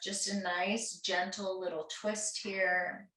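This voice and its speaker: A woman leads a restorative yoga class at an unhurried pace, her gentle, soothing cues drifting through slow breath counts. Her voice sits a little back from the mic, and the room adds a roomy echo. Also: medium pitch, distant mic. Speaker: yoga teacher.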